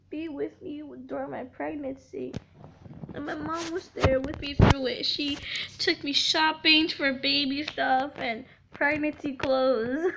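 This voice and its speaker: A young woman with a high voice speaks slowly through an emotional storytime confession. She falters and restarts, tearful and heartfelt, on a dull, lo-fi recording. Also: noisy background. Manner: halting and repetitive, with many restarts and fillers. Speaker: vlogger.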